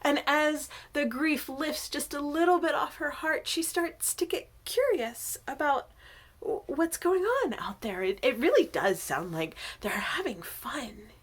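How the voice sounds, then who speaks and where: A woman, a worship associate, telling a myth in a church service, animated and often dropping to a whisper. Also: high voice, measured pace, hardly any pauses.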